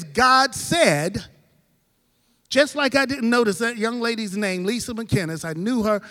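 Preaching in a church sanctuary, this middle-aged pastor has a high-sitting voice with a big-room sound. He rises and falls between loud outbursts and quiet asides.

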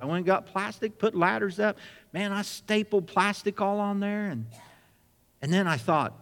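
Animated high-voiced preacher in a hall. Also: male voice, normal speed. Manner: animated storyteller acting out dialogue. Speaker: pastor. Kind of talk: sermon storytelling.

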